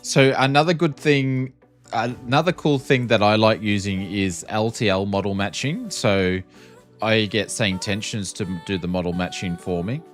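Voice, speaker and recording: A man's voice: fairly low pitch, normal speed, soft background music. A man with an Australian accent chatting casually and joking with viewers on a flight sim live stream. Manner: chatty, joking, lots of ums.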